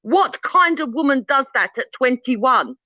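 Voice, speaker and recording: A woman's voice: sits high, lively intonation, unhurried, pushed and bright, dry recording, lo-fi sound. Blunt lecturing woman in her fifties. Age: 50s. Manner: blunt, lecturing, swears freely. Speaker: panelist on a live debate stream. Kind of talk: heated live debate.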